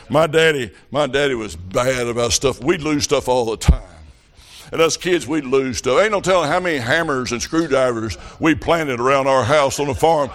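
A middle-aged man with a Southern US accent preaching a revival sermon, telling folksy stories and building up to fervent shouts. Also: mid-range voice, normal speed.

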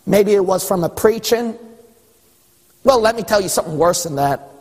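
A man preaching a sermon as pastor, exhorting with wry rhetorical questions and a husky voice. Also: high voice, expressive, moderate pace. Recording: long hall reverb.

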